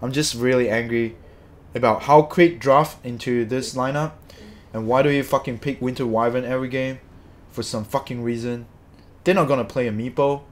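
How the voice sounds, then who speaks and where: A streamer rants angrily at his chat about a game, swearing and repeating himself. His mid-range voice holds a steady tone at a moderate pace.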